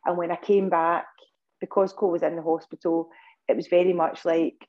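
A Scottish woman speaks as a podcast guest, recounting events earnestly with plenty of ums and restarts. Her voice sits low and stays fairly level, with a warm, mellow tone. The recording sounds a little dull and lo-fi. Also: little pitch movement, a little fast. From Scotland. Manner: earnest storytelling with many fillers and restarts. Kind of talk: casual interview talk.

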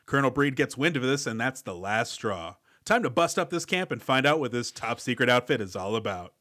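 A man's voice: medium pitch, lively intonation, brisk, sharp tone. A man co-hosting a casual movie podcast, recapping scenes with wry asides. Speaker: podcast co-host.

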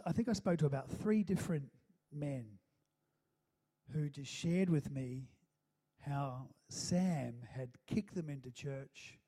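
Dark-toned man preaching to his congregation. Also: mid-range voice. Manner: conversational preaching, frequent calls of "amen?", fillers and restarts. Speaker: pastor. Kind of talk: sermon with congregational prayer. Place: church hall with congregation.

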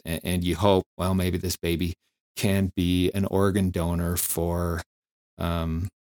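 A man, a firefighter and flight nurse, telling candid stories in an interview, reflective and halting with many fillers. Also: sits low, darkish tone, no room sound, clean studio sound.

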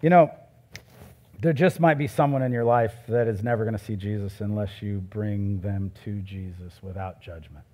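A middle-aged male pastor preaching a sermon in a conversational way, with loud emphatic peaks and soft asides. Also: fairly low pitch, normal speed.

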